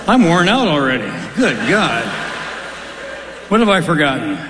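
A man doing stand-up, telling quick folksy jokes on stage with offhand asides between punchlines. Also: fairly high pitch, very animated, background noise. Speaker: stand-up comedian. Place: large live venue. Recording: roomy hall with long reverb.

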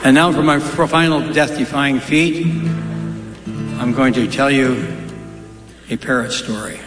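A male stand-up comedian works a large live venue, firing punchy one-liners and chatting with the crowd over music. His voice is medium-pitched and measured, and the hall is echoey, with crowd noise.

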